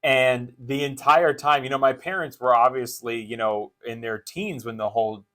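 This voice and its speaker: A young man in casual podcast chat, talking with excited energy and circling back on himself with restarts and fillers. His voice sits at an ordinary middle pitch for a man. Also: moderate pace. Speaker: podcast co-host.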